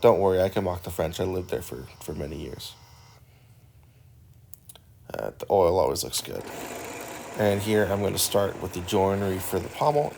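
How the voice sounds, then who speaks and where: A man narrating a woodworking build in a relaxed, rambling voice-over, joking and poking fun at himself. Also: deep voice, creaky. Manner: joking and self-deprecating; relaxed and rambling with filler words. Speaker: woodworking channel host.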